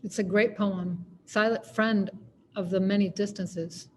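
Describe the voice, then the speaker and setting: A woman's voice: mid-range voice, steady tone, measured pace, darkish tone, slight background noise. A woman poet giving a poetry reading, narrating in a wry, conversational way. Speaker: poet reading her work.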